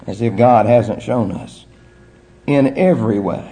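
A man preaching a sermon, telling the story in an earnest way with measured pauses. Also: medium pitch, gravelly, warm tone.

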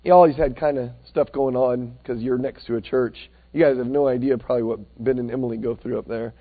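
A man preaching a sermon that is full of stories, animated, swinging between loud and hushed. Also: medium pitch, a little fast. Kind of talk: sermon with storytelling. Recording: tinny phone-like sound.

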